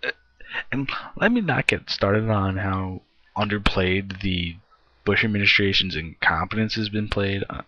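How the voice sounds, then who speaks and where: A man's voice: on the low side, a little slow, pushed and bright, no room sound, lo-fi sound. A young American man ranting in a frustrated vlog, swearing heavily and sighing often. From United States. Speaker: vlogger.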